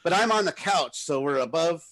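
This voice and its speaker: Rambling animated male storyteller. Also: on the high side, normal speed. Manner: rambling, animated storyteller who shouts out quoted lines. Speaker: podcast co-host. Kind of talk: casual storytelling.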